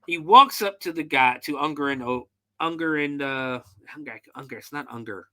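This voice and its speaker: Man, podcast host, very bright tone, lively pitch, casual profane movie recap. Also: moderate pace. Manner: profane, loose storytelling with fillers.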